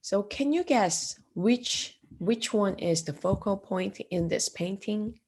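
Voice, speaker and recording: A woman lecturing as an art teacher in a classroom, slow and hesitant, with frequent fillers and throat clearing. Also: medium pitch, animated, darkish tone.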